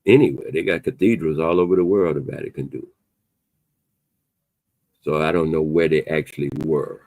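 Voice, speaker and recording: A man, hosting an opinionated podcast chat in an emphatic, animated way. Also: very deep voice, normal speed. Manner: animated, emphatic, loose conversational delivery with a playful edge. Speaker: podcast host.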